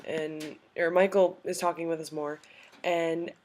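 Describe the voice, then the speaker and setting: A young adult woman telling a story in a casual vlog, gushing and excitable, full of "like" and "um". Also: deep voice, unhurried, a little hiss or hum. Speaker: vlogger.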